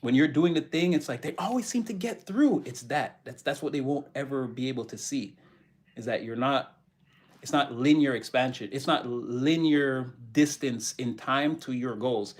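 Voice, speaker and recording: A man's voice: medium pitch, moderate pace. A man giving a channeled spiritual tarot reading who keeps repeating his key phrases for emphasis. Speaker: tarot reader.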